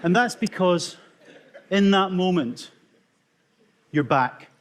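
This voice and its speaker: A middle-aged Scottish man, an emergency consultant, telling wry, self-mocking stories in a talk with dramatic pauses. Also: high voice, expressive, slight background noise. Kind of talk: storytelling conference talk.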